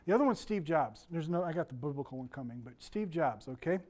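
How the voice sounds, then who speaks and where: A man's voice: a little high, animated, quick pace, a little mellow. An older man giving an informal sermon as a pastor, rambling and digressive with frequent restarts and asides.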